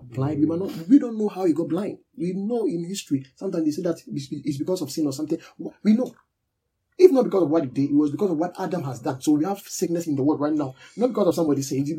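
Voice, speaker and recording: A man's voice: fairly high pitch, dark tone, husky, rough recording. A man preaching a sermon, teaching with emphatic repetition and call-and-response with his listeners.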